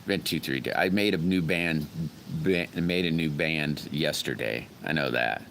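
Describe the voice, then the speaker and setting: A man's voice: very deep voice, unhurried, fairly bright tone, a little hiss or hum. A middle-aged man hosting a casual live stream, rambling in a folksy way and greeting viewers by name. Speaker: livestream host.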